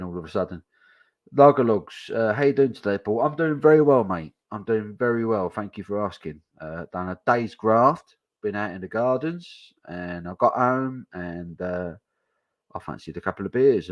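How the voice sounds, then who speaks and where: Stand-in stream host: man, low-ish voice, easygoing banter with viewers. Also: highs cut off. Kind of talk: casual pub chat, reading viewer comments.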